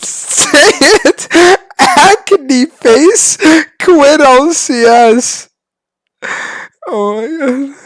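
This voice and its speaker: A woman speaking in a giggly, drawn-out way, laughing between words. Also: high-pitched, no echo.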